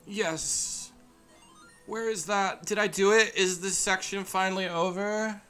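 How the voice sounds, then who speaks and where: A man's voice: high-pitched, steady tone, slow, bright, forceful tone, clean tone, soft background music. A male streamer giving casual, goofy gameplay commentary, amusing himself as he talks. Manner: goofy, self-amused talking to himself.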